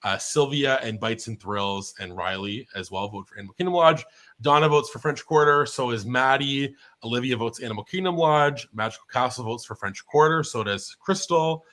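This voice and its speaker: A man's voice: mid-range voice, normal speed, fairly bright tone. A man hosting a live-streamed casual chat who rambles with lots of fillers and reads out viewer votes. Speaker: host.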